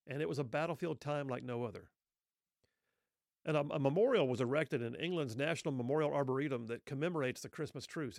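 A man's voice: on the high side, vocal fry, no echo, clean studio sound. A man telling a historical story in an earnest, reflective way, with rhetorical questions.

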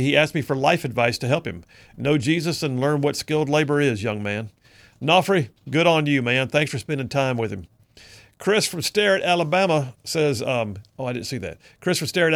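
A male talk radio host with a gravelly, creaky voice of middling pitch, recorded dry and close in a studio. He reads listener texts in a loose, conversational way, chuckling between them. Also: a bit bright, no echo.

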